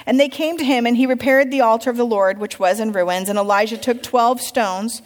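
A woman with a somewhat high voice teaches a Bible lesson, reading scripture aloud and turning it into a lively story. She pauses to quiz her class. Her voice carries a long reverb, as if heard in a large hall. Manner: storytelling, asks the class questions.

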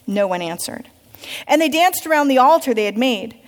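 A woman's voice: high-pitched, animated, normal speed. A woman teaching a Bible lesson, reading scripture aloud and telling it as a story while asking her class questions. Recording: long hall reverb.

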